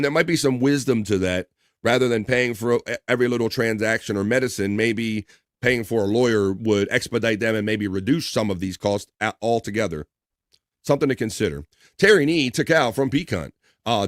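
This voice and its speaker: A man's voice: mid-range voice, no room sound, studio quality. A man hosting a live stream, loosely chatting, swearing casually and reading out viewer comments.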